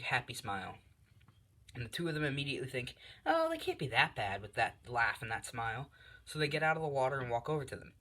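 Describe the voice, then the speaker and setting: A young man ad-libbing a story out loud, full of fillers, restarts and casual swearing. His voice sits at an ordinary middle pitch. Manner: rambling, lots of fillers and swearing. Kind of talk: casual improvised fan story.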